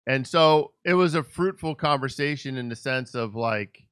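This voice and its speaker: A man hosting a podcast interview, telling a story with lively acted-out dialogue. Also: mid-range voice, normal speed, clean tone, no room sound, studio quality. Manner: animated storyteller who acts out quoted dialogue. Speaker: podcast host. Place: Los Angeles.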